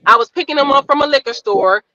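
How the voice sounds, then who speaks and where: A woman comedian with a high, bright voice, chatting as a guest on a podcast. She tells her stories in an animated, profane way. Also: fast, lo-fi sound. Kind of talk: casual podcast chat, storytelling.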